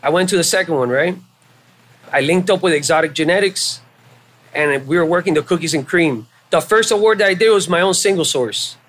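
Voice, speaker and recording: A man, a podcast guest, telling a story in casual chat, animated and profane, acting out back-and-forth conversations. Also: on the high side, brisk. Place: live show at a venue.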